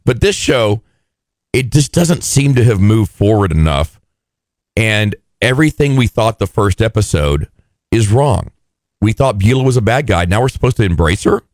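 A man co-hosting a casual podcast recap of a TV show, exasperated and animated in his complaints. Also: moderate pace, dry recording. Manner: animated, exasperated, mocks characters in high put-on voices. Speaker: podcast co-host.

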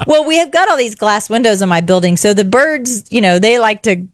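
Excitable woman telling a story, dry sound. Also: a little high, no room sound. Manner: fast, excitable storytelling with many "like"s and restarts. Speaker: podcast host and radio regular. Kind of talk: animated storytelling in casual chat.

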